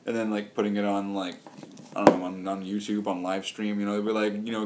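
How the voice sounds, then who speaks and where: A man's voice: fairly low pitch, level tone, fast talker, a little mellow, a little hiss or hum. A man talking casually in a loose, meandering way, restarting sentences and riffing on silly wordplay. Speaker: vlogger. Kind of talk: crude comedic rambling.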